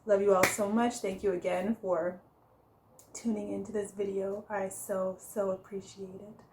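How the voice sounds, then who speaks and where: A woman leads a relaxed tarot reading in an unhurried voice, laughing easily and correcting herself as she goes. She talks at a slow pace in a mid-range tone. A faint hiss sits under the recording. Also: mid-range voice, reverberant, rough recording. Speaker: tarot reader. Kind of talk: casual tarot reading vlog.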